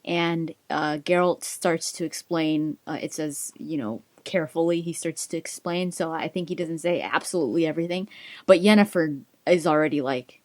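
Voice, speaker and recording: Chatty woman with a low voice. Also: normal speed, no room sound. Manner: chatty, giggly, enthusiastic. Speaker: gaming video host. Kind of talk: casual book retelling.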